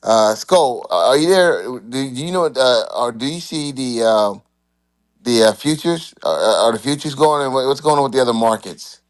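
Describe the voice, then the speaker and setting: A man hosting a live debate show, talking casually with halting restarts. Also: medium pitch, animated. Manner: halting, many fillers and restarts. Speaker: host.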